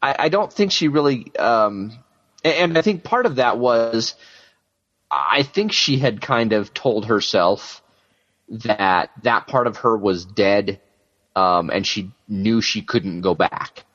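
A man's voice: lowish voice, lively intonation, takes it slowly, fairly bright tone. A man co-hosting a casual chat about a TV show, rambling a little with fillers and laughing easily. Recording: dull lo-fi sound.

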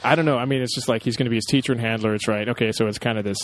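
A man's voice: medium pitch, fairly even intonation, very fast. A man co-hosting a casual podcast chat, talking with frequent fillers and hesitations. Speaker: podcast co-host.

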